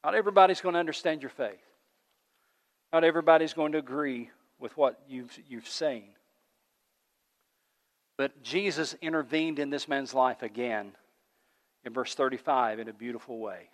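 A man's voice: mid-range voice, normal speed, pauses often. A male pastor delivering a sermon to his congregation, with an emphatic, repetitive preaching cadence that builds and rises. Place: church sanctuary, livestreamed. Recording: long hall reverb.

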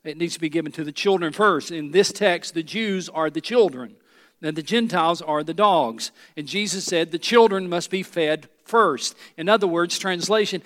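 A male pastor delivers a sermon earnestly and emphatically in a notably high, fairly bright voice at a moderate pace, turning to the congregation with rhetorical asides. His words ring out with the long reverb of a large sanctuary.

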